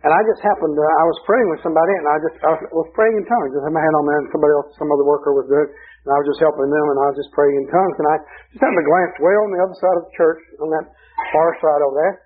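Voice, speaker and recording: A man's voice: fairly high pitch, fairly even intonation, racing, narrow, tinny audio. A male preacher delivering a sermon through folksy, humorous storytelling.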